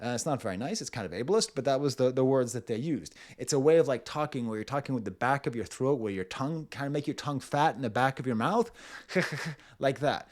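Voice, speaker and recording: A man's voice: mid-range voice, animated, quick pace, few pauses, a little mellow. A man in his forties reviewing music in a casual, playful way, mimicking vocal styles and laughing as he goes.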